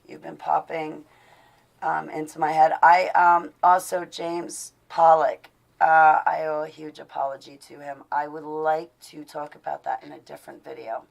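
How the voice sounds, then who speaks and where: Low gravelly lady rambling on a video call stream, lots of ums. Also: level tone, normal speed, poor audio. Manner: affectionate, rambling, many fillers. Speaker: host of an online show. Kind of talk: casual live-stream chat.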